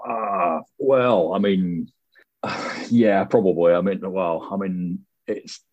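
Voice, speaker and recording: A man's voice: deep voice, slow, a little mellow, highs cut off. A man co-hosting a podcast in casual chat, dry and teasing, often restarting his sentences. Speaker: podcast co-host.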